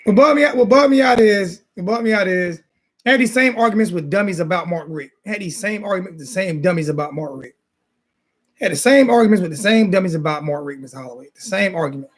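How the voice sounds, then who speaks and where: High-voiced guy ranting hard on a sports show, keeps repeating himself and insulting folks. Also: expressive, quick pace. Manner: repetitive, insulting, fired-up ranting. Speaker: sports talk show host. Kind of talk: heated casual sports rant.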